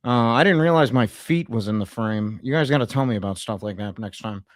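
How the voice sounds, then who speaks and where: A man livestreaming a satirical comedy rant in a mock-pundit persona, rambling with sarcasm and swinging between loud outbursts and muttered asides. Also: mid-range voice, brisk, no room sound, studio quality. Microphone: streaming mic.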